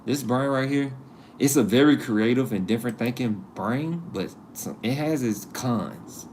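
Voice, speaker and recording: This livestream host has a mid-range, darkish voice and speaks at a measured pace, with slight background noise. Easygoing and playful, he talks to chat, joking with viewers and laughing at himself.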